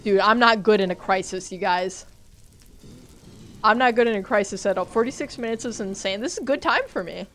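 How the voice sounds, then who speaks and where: A woman's voice: medium pitch, brisk, a bit bright. A woman streaming a game live, talking to her chat, jumpy and swearing as she plays. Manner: jumpy, swears, talks to chat while playing.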